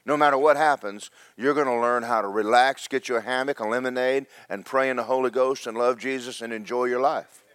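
A man's voice: medium pitch, steady tone, a little fast, fairly bright tone, no echo. A man preaching a sermon, telling Bible stories in a folksy, joking way with voices for the characters. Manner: folksy storytelling with comic voices.

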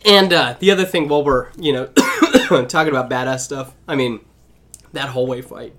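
A man's voice: mid-range voice, normal speed, fairly bright tone. A man hosting a casual podcast chat, enthusiastic and often laughing. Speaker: podcast host.

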